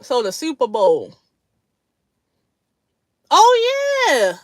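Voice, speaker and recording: A woman's voice: high voice, huge pitch swings, extremely slow, dry recording. A woman hosting a casual livestream chat with her viewers, blunt, slangy and profane, laughing often between remarks. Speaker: livestream host.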